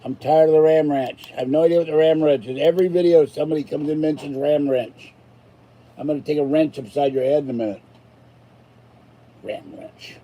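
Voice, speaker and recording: A man's voice: on the high side, fairly even intonation, fast, dull audio. A tired older man from Pittsburgh, a channel host rambling and grumbling through a casual live stream sign-off. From Pittsburgh, USA.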